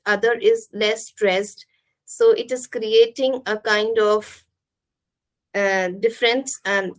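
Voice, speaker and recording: A woman teaching English pronunciation from slides, who explains step by step and slowly sounds out example words. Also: on the high side, low-quality recording.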